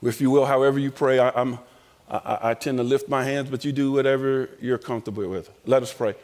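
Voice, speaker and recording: A man telling lively family stories in a chapel sermon, acting out the voices. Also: mid-range voice, a little fast, big-room sound. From American South. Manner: animated storyteller acting out voices. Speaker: chapel speaker. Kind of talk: storytelling sermon. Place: college chapel.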